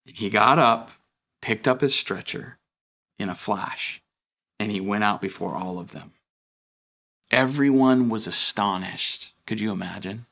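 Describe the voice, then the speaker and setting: A man's voice: lowish voice, normal speed, fairly bright tone. A young adult man, a pastor, giving a conversational sermon with fillers and restarts.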